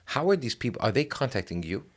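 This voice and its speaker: A man from Quebec hosting a podcast, asking relaxed, joking questions in a casual interview. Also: mid-range voice, fast talker. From Quebec, Canada. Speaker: podcast host.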